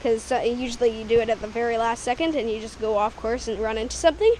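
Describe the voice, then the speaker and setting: A woman's voice: a little high, steady tone, fast, a little mellow, slight background noise, low-quality recording. A woman from Canada walking through her backyard dirt track outdoors, rambling and chatty, giggling often as she talks to an action camera. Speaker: vlogger showing a homemade dirt bike track. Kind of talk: casual walkthrough narration.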